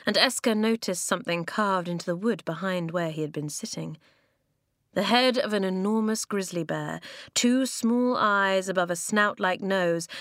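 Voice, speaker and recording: A woman narrating a children's adventure audiobook in a calm, gently descriptive reading. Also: mid-range voice, no echo, clean studio sound. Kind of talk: scripted storybook narration.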